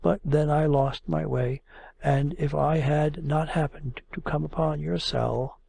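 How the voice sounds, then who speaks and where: A man's voice: fairly high pitch, steady tone, unhurried, gravelly, warm tone, slightly rough, full character voice. A man voicing a timid yet capricious young woman in an audiobook, pleading and coaxing. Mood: polite. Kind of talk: audiobook character reading.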